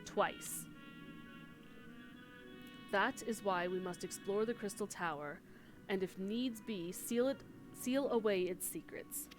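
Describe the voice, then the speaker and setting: A middle-aged engineer chief in a game cutscene, gruff and principled. He speaks firmly and earnestly, each point carefully weighed. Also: high-pitched, takes it slowly, pauses often, over music. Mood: stern. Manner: firm, earnest. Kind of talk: voiced game cutscene dialogue.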